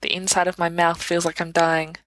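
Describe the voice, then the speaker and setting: A woman's voice: on the low side, little pitch movement, fairly quick, gravelly, dry recording. A woman voicing a melodramatic teenage boy who wails and complains theatrically. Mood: hysterical. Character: melodramatic teenage boy, hysterical and self-pitying.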